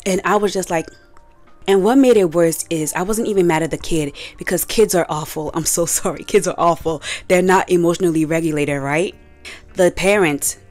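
A young woman vlogger telling a story in a casual, animated, slangy way. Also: lowish voice. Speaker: commentary vlogger. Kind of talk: casual commentary.

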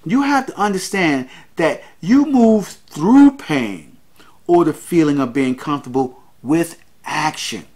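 A man's voice: fairly high pitch, lively intonation, takes it slowly, darkish tone. A man hosting a podcast, giving an earnest motivational monologue, repeating his key lines and calling his listeners guys. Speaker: podcast host.

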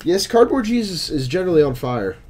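A man's voice: on the high side, very animated, a little fast, a little mellow. A man hosting a live stream, opening packs of cards and chatting with viewers as he calls out each card.

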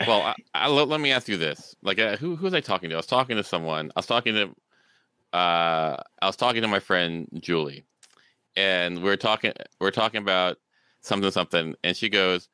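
A man's voice: sits low, fairly quick, pushed and bright, clean tone, no echo. A man co-hosting a podcast, telling anecdotes in casual chat and repeating words as he stammers. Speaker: podcast co-host.

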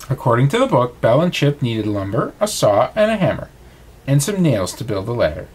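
A man reading a bedtime storybook aloud, with expressive reading. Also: mid-range voice, brisk, slight background noise.

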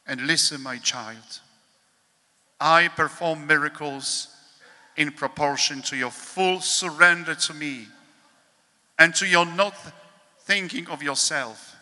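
A priest reading a devotional meditation in a slow, measured, solemn way, with pauses, in a large hall. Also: male voice, a little high, bright, forceful tone.

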